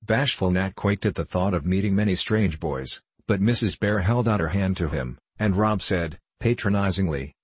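Brief: deep-voiced male narrator, husky, steady storybook reading. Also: normal speed, few pauses, no room sound. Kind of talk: audiobook narration.

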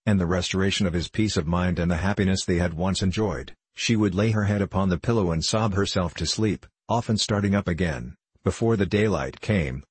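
Deep, husky male audiobook narrator. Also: no echo. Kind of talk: scripted narration of a classic novel.

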